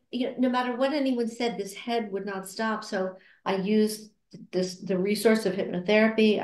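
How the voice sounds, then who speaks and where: A woman being interviewed about her work at a cancer support center, speaking earnestly and reflectively, with many hesitations and restarts, and acting out quoted remarks in a higher voice. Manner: acts out quoted remarks with raised pitch. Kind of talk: casual interview conversation. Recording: roomy echo.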